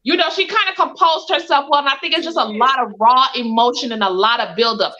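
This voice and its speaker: Woman co-host, measured and reflective, high bright tone, dull lo-fi recording. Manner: measured, thoughtful commentary with repeated "I think". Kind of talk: casual chat. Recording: dull lo-fi sound.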